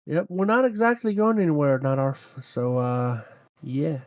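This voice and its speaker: A man co-hosting a podcast, reading a listener's email aloud haltingly in casual chat. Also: on the high side, sing-song, a little mellow, dry recording. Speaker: podcast co-host.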